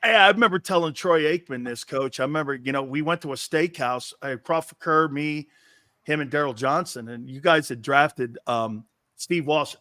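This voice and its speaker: A man hosting a football show, telling stories in an animated, excitable way with loud bursts of emphasis. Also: on the high side, dry recording, clean studio sound. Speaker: host and former player. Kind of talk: animated storytelling interview.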